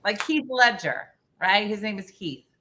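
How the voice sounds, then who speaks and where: A woman comedian hosting a casual baking chat in a home kitchen, telling stories with animated impressions of her friends. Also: a little slow, a little hiss or hum. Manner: animated, does loud shrill impressions of friends. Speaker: comedian and host. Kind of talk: casual storytelling while baking.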